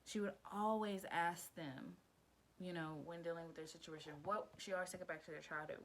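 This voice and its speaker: Chatty woman vlogger with a low voice. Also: fairly quick, fairly bright tone, a little hiss or hum, poor audio. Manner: chatty and emphatic, calls the viewer girl and babe; glances down at written notes. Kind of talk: casual advice talk to camera.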